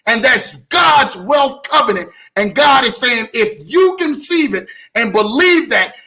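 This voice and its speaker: A man hosting a motivational faith talk, preaching with repeated lines and frequent shouting. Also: extremely high pitch. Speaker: host.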